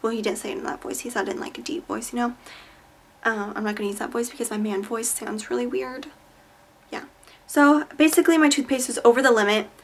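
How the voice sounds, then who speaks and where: Young woman, high voice, chatty, exaggerated, casual vlog storytelling. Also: steady tone, fast talker. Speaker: vlogger.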